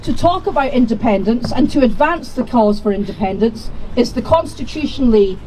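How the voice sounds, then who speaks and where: A woman's voice: fairly high pitch, lively intonation, warm tone, a little hiss or hum, low-quality recording. Woman politician making a formal rally speech. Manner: formal, measured oratory. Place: outdoor rally.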